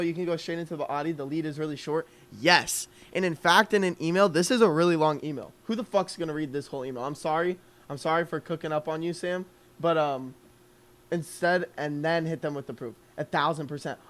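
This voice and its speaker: Young male coach, slightly higher voice, relaxed filler-laden delivery on a live call. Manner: loose and conversational, filler-heavy, thinking aloud. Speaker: copywriting coach.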